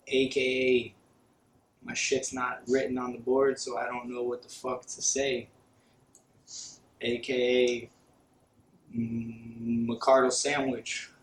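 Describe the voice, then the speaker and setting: A young man in casual podcast banter, loose and rambling, cursing freely. His voice sits at an ordinary pitch. The room around him is echoey, with faint background noise. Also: level tone, slow pace, long pauses. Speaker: podcast co-host.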